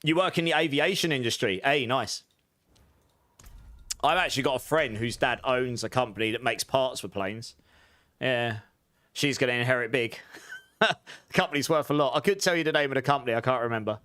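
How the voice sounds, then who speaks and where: A man's voice: mid-range voice, brisk, pauses often, pushed and bright. Chatty English man streaming a game. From England. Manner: rambling and chatty, reading out chat and answering viewers. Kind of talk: casual live-stream chat with viewers.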